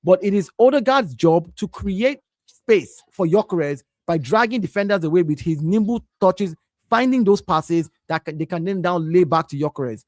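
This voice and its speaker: A man with a high voice pushes his argument in a lively football debate. He is insistent and keeps restarting his sentences when he gets cut off. The sound is dry and close, with no room echo. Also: moderate pace. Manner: insistent, argumentative, repeats himself when interrupted. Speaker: co-host of a football talk stream.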